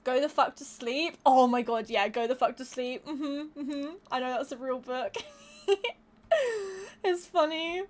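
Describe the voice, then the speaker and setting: A woman's voice: high-pitched, a little slow. A woman streamer chatting casually with her live viewers, laughing often, swearing freely and repeating words as she thinks.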